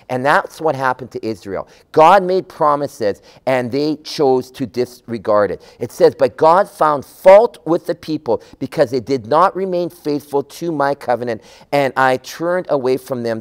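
Animated man preaching a sermon. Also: on the high side. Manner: animated, acts out quoted voices, repeats words. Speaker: pastor. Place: church sanctuary.

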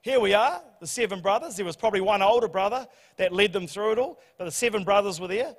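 A man preaching a sermon, telling the story in a humorous, animated way. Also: sits high, fast. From New Zealand. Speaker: pastor. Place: church hall. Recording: church hall reverb.

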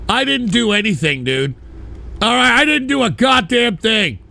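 A man streaming live, reacting to clips with loud, profane outbursts. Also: high voice, wildly swooping pitch, takes it slowly, creaky.

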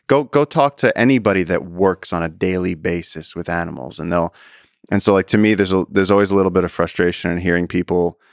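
A man speaking as a podcast guest, a conservationist and explorer, telling stories in an animated, casual way and often repeating words as he goes. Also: deep voice, a little fast, gravelly, no echo, clean studio sound. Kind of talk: casual storytelling conversation.

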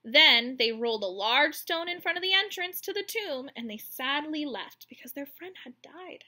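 A woman with a high, sharply bright voice reads a bedtime Bible story to her child. She tells it tenderly and expressively. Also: lively intonation, moderate pace. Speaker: parent reading bedtime Bible stories.

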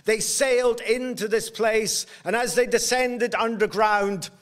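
A male storyteller unfolds an old tale in a slow, measured rhythm. His voice sits high for a man, and he lets each phrase land before the next. It is a live telling indoors at a workshop event. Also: fairly even intonation, fairly bright tone.

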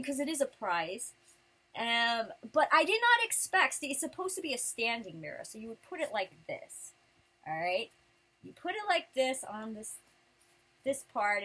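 A chatty woman vlogger with a slightly high, breathy voice. She rambles through her prize haul in a casual way and breaks into animated outbursts. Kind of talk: casual chat.

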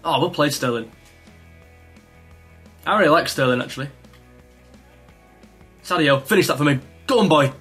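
Young gaming creator, husky and a touch high, excitable live commentary, soft music bed. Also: male voice, normal speed, long pauses. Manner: excitable, swings between frustrated rants and yelling at shots. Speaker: gaming YouTuber. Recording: faint music behind.

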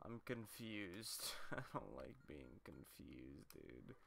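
Young guy doing a lets play, gravelly voice, lots of swearing, pitch all over the place. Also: big pitch swings, takes it slowly, fairly bright tone, a little hiss or hum. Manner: profane, rambling, easily frustrated. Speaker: let's play host. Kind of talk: let's play commentary.

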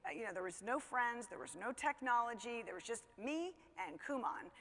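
A middle-aged woman telling a personal story about her son in a relaxed, conversational way, full of "you know" and self-mocking laughs. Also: a little high, moderate pace, slight background noise. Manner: conversational, chatty, many fillers like "you know", laughs at herself. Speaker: speaker telling a parenting story. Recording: long hall reverb.

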